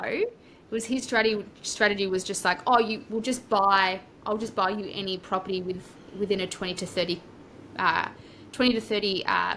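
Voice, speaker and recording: Chatty aussie woman, bright voice. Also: mid-range voice, slight background noise. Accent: Australian. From Australia. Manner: chatty, rambling, lively asides. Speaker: property coach, podcast guest. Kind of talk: casual storytelling interview.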